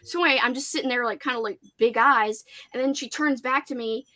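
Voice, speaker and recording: A woman hosting a casual livestream chat, telling an animated story with "like" in nearly every sentence. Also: on the high side, fast talker. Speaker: host.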